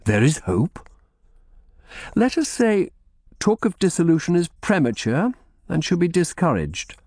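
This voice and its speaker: A man's voice: fairly high pitch, sing-song, unhurried, a little mellow, breathy edge, no echo, studio quality, voice pushed up, exaggerated voice. A man voicing a shrewd middle-aged lawyer who speaks firmly and asks probing questions.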